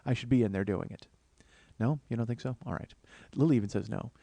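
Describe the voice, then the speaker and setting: A man's voice: mid-range voice, fast, creaky, dark tone, no room sound. A man hosting a comedy podcast, rambling profanely through a solo monologue and laughing at his own jokes. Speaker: podcast host.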